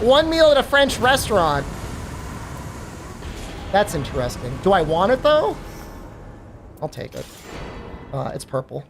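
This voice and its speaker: A woman streamer chatting casually while gaming, telling an animated story with lots of fillers and free swearing. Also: fairly high pitch.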